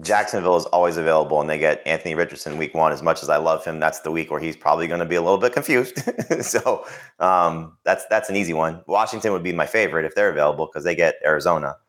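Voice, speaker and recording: A man on a podcast giving quick, offhand picks with hedges and fillers. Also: extremely low pitch, fairly bright tone. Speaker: podcast analyst. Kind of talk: casual chat.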